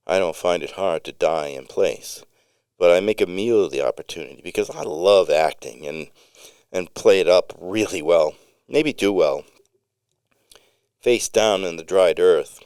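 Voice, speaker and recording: A man reading his own memoir story aloud as narrator, telling it in a vivid, unhurried way with occasional slips. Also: sits low, darkish tone, clean tone, dry recording, clean studio sound.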